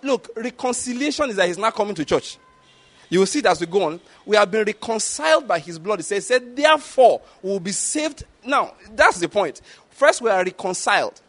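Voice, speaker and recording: A middle-aged man preaching a sermon, animated and full of rhetorical questions, acting out the quotes he tells. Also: high-pitched, normal speed.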